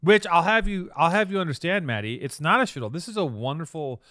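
A man's voice: on the high side, expressive, quick pace, bright, forceful tone, no room sound, studio quality. A man co-hosting a podcast, chatting casually in a rambling, profane way and mock-quoting people. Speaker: podcast co-host. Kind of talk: casual banter.

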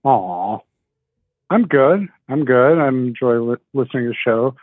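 A man's voice: medium pitch, animated, unhurried, breathy edge, no room sound. Male caller on a tinny phone line. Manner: thoughtful, searching for words with many "like"s. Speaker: radio caller. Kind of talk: casual call-in chat. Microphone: telephone.

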